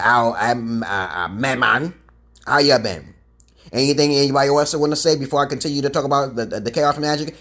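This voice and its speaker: Brief: man hosting a rambling solo livestream, preachy and foul-mouthed, mid-range voice, webcam mic. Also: medium pitch. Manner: profane, preachy, greets chat viewers mid-talk. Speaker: livestream host giving self-styled advice.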